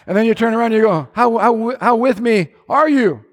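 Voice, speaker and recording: A middle-aged male pastor preaching a sermon, swinging between shouted lines and hushed asides. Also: high-pitched, lively intonation, a little fast, few pauses.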